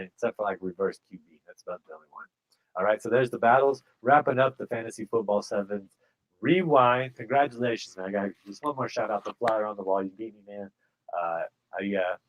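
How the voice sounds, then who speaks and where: An upbeat man hosts a podcast, running through a fantasy sports league in a casual recap. His voice sits fairly low, and he keeps it chummy by calling listeners "my friend". The recording is dry and close, with no room sound. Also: dry recording, rough recording. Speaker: podcast host.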